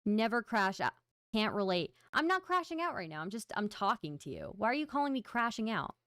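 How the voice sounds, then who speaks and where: A woman's voice: mid-range voice, sing-song, a little fast, fairly bright tone, no room sound, clean studio sound. A woman hosting a livestream, chatting casually and playfully with her viewers in a self-mocking way. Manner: playful, self-mocking, talks straight to chat. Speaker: livestream host. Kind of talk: casual stream chat to viewers.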